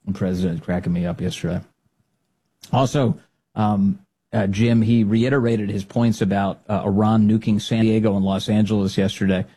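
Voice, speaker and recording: A man's voice: on the low side, steady tone, dark tone, husky. A man hosting a political podcast, talking casually and mockingly with frequent laughs. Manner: mocking, laughs often, quick asides.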